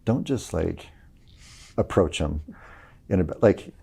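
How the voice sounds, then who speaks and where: A married man talking casually as a guest, telling stories in an animated way. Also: deep voice. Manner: gravelly, quick, animated storytelling. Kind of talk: casual conversation.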